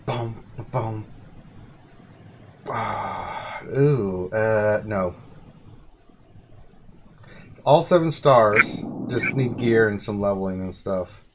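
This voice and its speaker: Excitable man hosting a gaming stream. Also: lowish voice, slow. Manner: excitable, bursts of exclamation. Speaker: stream host. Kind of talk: casual gaming chat. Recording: hissy stream with clicks.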